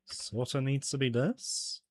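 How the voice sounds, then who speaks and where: Man, mid-pitched, casual streamer chatter, laughs a lot, thinks aloud while he works. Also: takes it slowly, darkish tone. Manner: chatty, laughs often, mutters to himself. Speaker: game developer streaming his jam entry. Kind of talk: casual livestream chat while working.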